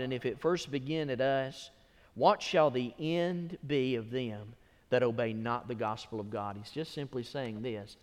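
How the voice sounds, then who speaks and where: A man preaching a sermon as pastor, building from quiet testimony to impassioned shouts and back down low. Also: a little slow. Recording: long hall reverb.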